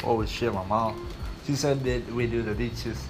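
A man's voice: medium pitch, fairly even intonation, measured pace, soft background music. A young man hosting crude casual chat, laughing often and rambling, losing his train of thought. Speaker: host. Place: home room.

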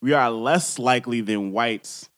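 Male co-host, mid pitch, casual yet emphatic explainer, dry studio sound. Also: unhurried, no room sound. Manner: animated, explains facts with emphasis. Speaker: podcast co-host. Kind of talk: casual podcast chat.

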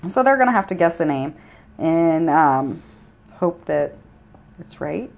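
A woman co-hosting a casual true-crime podcast, telling stories in a joking, animated way and swearing freely. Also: low-pitched, a little slow, vocal fry, dull audio. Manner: profane, joking, animated storytelling. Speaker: podcast co-host.

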